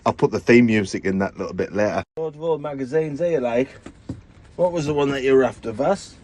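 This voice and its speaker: A man's voice: medium pitch, animated, brisk, darkish tone, slight background noise. A British man rummaging through old tapes and magazines on a livestream, muttering and exclaiming to himself. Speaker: co-host showing his collection. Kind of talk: casual livestream chat.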